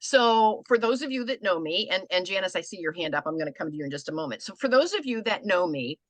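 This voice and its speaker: Lively older American coach woman. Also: on the low side, fast, dry recording. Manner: conversational, animated, acts out quoted people. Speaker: business coach. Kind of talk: coaching a group online.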